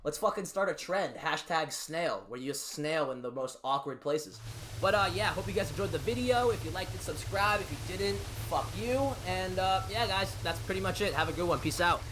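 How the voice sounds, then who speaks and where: A man's voice: high voice, lively intonation, moderate pace, noisy background. A young man telling a casual storytime video, swearing constantly and talking emphatically, often turning to the listener with rhetorical asides. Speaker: YouTube storyteller.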